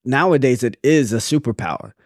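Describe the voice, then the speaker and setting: A man's voice: medium pitch, expressive, brisk, a little mellow, no echo, clean studio sound. Rambling earnest young man. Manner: rambling, earnest, many restarts. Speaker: podcast co-host. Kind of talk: casual chat.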